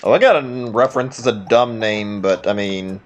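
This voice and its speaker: A man's voice: on the low side, normal speed, soft background music. A man streaming a video game, rambling and muttering to himself in casual commentary. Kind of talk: casual let's-play commentary.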